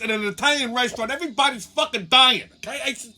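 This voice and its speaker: A man's voice: very high voice, fast, sharp tone, a little hiss or hum. A man hosting a show, telling a rambling comic story full of profanity. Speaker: show host.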